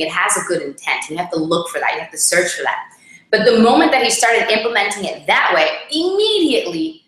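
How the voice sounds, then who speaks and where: Współprowadząca, kobieta, swobodnie rozmawia o związku i wciąż wtrąca "like" i "right?". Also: female voice, fairly low pitch, expressive, fairly quick, a bit bright. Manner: chatty, lots of "like" and "right?". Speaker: co-host. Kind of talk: casual couples chat. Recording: very echoey room.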